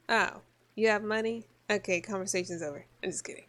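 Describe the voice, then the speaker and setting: A woman gives casual, joking commentary while she plays through a visual novel. She reads the choices aloud in a voice of middling pitch. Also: a little fast, fairly bright tone. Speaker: gaming video creator.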